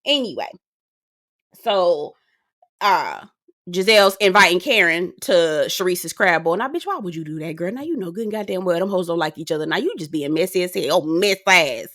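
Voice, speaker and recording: A woman's voice: lowish voice, expressive, moderate pace, fairly bright tone. A woman, giving a sassy, slang-filled recap of a reality show with mock voices. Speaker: reality TV reviewer. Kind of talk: casual recap commentary.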